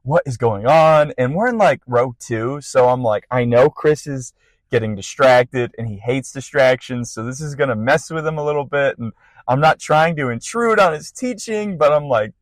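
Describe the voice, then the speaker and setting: A young man casually telling a lively personal story on a podcast, full of fillers and laughter. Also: medium pitch, normal speed, dry recording. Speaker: podcast guest sharing a testimony.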